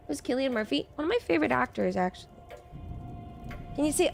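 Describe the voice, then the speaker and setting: A woman's voice: sits high, normal speed, gravelly, soft background music. A young woman streamer chatting casually as she plays a game, rambling and answering chat with laughs. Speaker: VTuber streamer.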